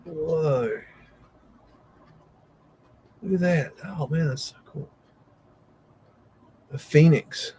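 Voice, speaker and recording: A man's voice: on the high side, drawn-out words, long pauses, mellow, slight background noise, low-quality recording. A man hosting a live stream, thinking aloud and exclaiming in amazement, with frequent mild swearing. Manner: rambling, easily amazed. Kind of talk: live reaction commentary.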